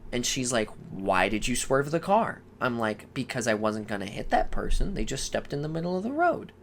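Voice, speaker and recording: A man's voice: medium pitch, moderate pace, gravelly. Young guy on a podcast, swears a lot, acts out his stories, slight hiss behind. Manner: animated, swearing, acts out quoted voices. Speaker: podcast co-host. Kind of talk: casual storytelling chat. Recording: faint background noise.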